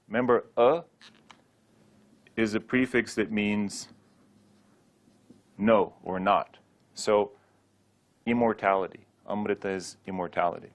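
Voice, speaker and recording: A man with a slightly low voice teaches pronunciation in a friendly lesson. He says words slowly and repeats them for the learner to copy. He keeps it light with playful rhetorical questions. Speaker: Sanskrit teacher.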